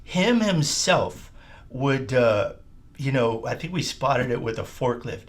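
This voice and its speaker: A man's voice: medium pitch, animated, slow pace. A man hosting a podcast, chatting and reminiscing with enthusiasm in a casual interview. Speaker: podcast host.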